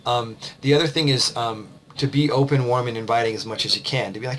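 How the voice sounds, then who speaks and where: A man's voice: medium pitch, fairly even intonation, quick pace, fairly bright tone. A man, a confidence coach, giving casual, rambling advice to the camera while a bit tired. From United States. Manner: conversational, loose, with fillers and restarts.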